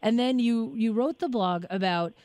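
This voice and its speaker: A woman's voice: fairly high pitch, moderate pace, a little mellow, no echo. A woman hosting a radio talk show, chatting in a bubbly, scattered, self-deprecating way. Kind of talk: casual radio chat. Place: radio studio.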